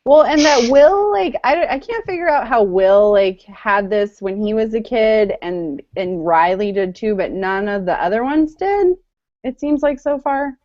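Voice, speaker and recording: A woman thinks aloud in a relaxed group chat and laughs easily. She speaks slowly, with a lively, swooping pitch. The sound is dull and lo-fi. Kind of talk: casual chat. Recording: dull lo-fi recording.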